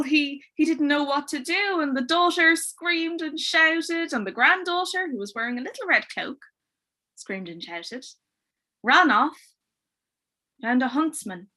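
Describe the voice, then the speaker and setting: A woman telling a twisted fairy tale aloud in a playful, expressive way with dry wit. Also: high-pitched. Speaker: storyteller. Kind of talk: oral storytelling.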